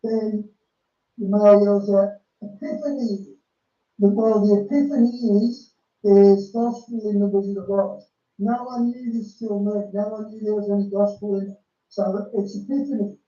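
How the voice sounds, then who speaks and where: Casual religious commentary on a film comes from a man with a high, mellow voice, a level tone, and a moderate pace. He's emphatic and keeps repeating and restarting phrases, and the distant mic makes the sound dull, lo-fi, and roomy.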